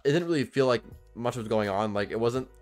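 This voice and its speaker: A man's voice: medium pitch, fairly quick, a little mellow, faint music behind. A young man co-hosting a podcast, chatting casually in a rambling, profane way with lots of fillers. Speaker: podcast co-host. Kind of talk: casual chat.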